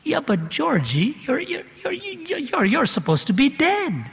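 A flustered older mother stammers in disbelief, in a man's put-on voice. Her voice leaps high and turns shrill while the words trip over each other. A long reverb from a big hall trails behind her. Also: huge pitch swings, unhurried, fairly bright tone, heavily acted.

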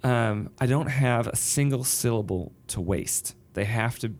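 This man, who writes both songs and novels, talks casually and thoughtfully about how he writes, illustrating his points with sung rhythms and examples. His voice is medium in pitch and a little slow.

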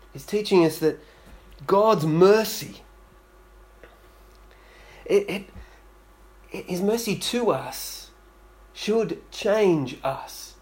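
A man preaching a sermon, telling a story and acting out the voices in it with growing intensity. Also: on the high side.

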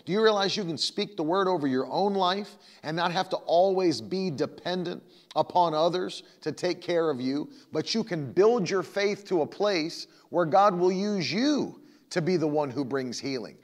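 A man preaching a sermon as a pastor, emphatic and repetitive, with a conversational manner and long reverb. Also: on the high side.

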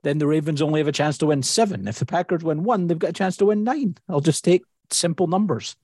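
Male co-host, fast and husky, teasing, lively pitch. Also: no room sound, studio quality. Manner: quick, teasing, stumbles over words. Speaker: podcast co-host. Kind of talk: casual podcast chat.

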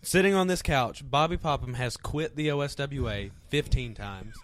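A man who wrestles, a podcast guest, telling stories in animated casual chat and laughing as he goes. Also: medium pitch, normal speed, slight background noise.

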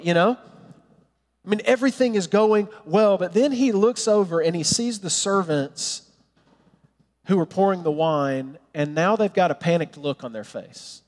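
A man preaching a sermon as a pastor, telling a Bible story in an animated way and acting out the characters' lines. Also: a little high, moderate pace, big-room sound.

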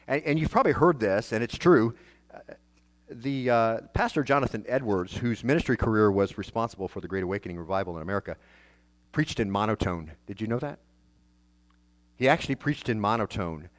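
A pastor with a lowish male voice delivers a sermon in an unpolished, talky way. He fires off rhetorical questions at his congregation and trips over his own restarts as he goes. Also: expressive, a little fast. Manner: preaches in a conversational way, with many restarts and rhetorical questions.

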